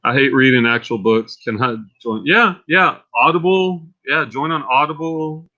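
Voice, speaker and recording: A man with a fairly high voice and a Texan drawl speaks at a moderate pace on a muffled recording. As host of a casual livestream, he rambles and gets excited, firing himself up.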